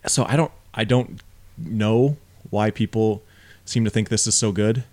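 A man's voice: fairly low pitch, a little slow. Blunt, profane man in casual podcast chat. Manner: profane, blunt, animated when incredulous. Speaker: podcast co-host. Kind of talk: casual film review chat.

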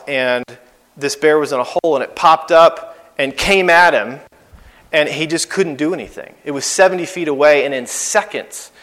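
A man preaching a sermon as guest preacher, in a conversational, animated way with lots of asides and fillers. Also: on the high side, long reverb tail.

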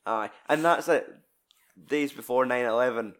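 A man's voice: medium pitch, moderate pace. A man with a Scottish accent, chatting casually about a film as a podcast co-host, swearing freely and acting out scenes. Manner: sweary, animated, acts out film scenes in shouted voices.

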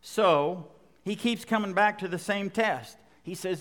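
A man's voice: high-pitched, unhurried, a bit bright, in a large hall. A man preaching a sermon, reading scripture aloud and then driving his points home with emphatic repetition. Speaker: pastor.

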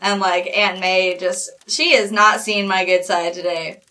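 A woman playing a tabletop game, talking animatedly and flaring up quickly in character. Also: medium pitch, bright, forceful tone. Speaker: player. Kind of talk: tabletop role-play banter.

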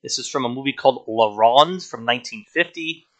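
A man's voice: medium pitch, brisk, fairly bright tone. A man talking casually through an album review, frank and wry. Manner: conversational, frank, wry asides.

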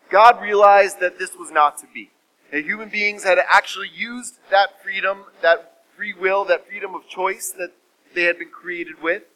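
A man preaching a sermon, retelling a scripture story in a measured, emphatic way. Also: high-pitched, bright, forceful tone, poor audio.

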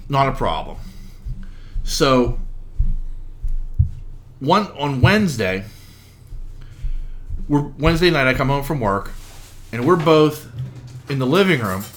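A man's voice: medium pitch, very animated, a little slow, long pauses, a bit bright, a little hiss or hum. A man co-hosting a podcast, telling a rambling household anecdote in casual chat. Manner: rambling anecdotes, acts out others' lines. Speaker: podcast co-host.

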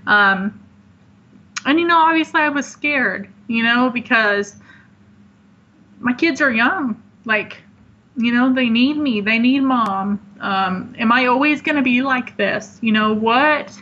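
A woman in her thirties as an interview guest, telling her story in a heartfelt, halting way with many pauses. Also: on the high side, sharp tone. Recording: dull lo-fi line.

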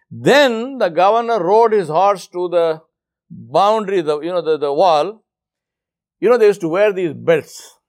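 Man preaching, high voice, animated storyteller, acts out voices. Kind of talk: storytelling sermon.

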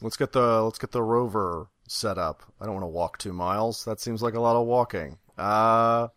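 A man playing a tabletop game, relaxed and joking, recorded remotely. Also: on the low side, normal speed, dry recording, clean studio sound. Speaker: player. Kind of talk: casual tabletop play.

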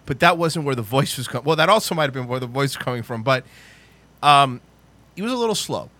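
A man hosting a podcast, telling a comedic story in a rambling, animated way and laughing at his own jokes. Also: medium pitch, fairly quick.

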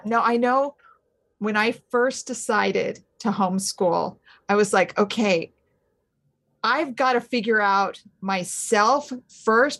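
Middle-aged mother as an interview guest, mid pitch, animated and casual. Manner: animated storytelling, acts out her own past thoughts. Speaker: podcast guest, homeschooling mother. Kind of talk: casual conversational chat.

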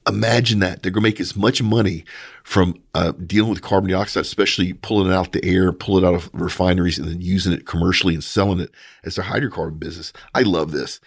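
A man's voice: deep voice, quick pace, gravelly, slightly rough, no room sound, clean studio sound. Opinionated man hosting energy podcast. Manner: opinionated, animated, mocking asides. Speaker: podcast host. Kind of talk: casual news commentary.

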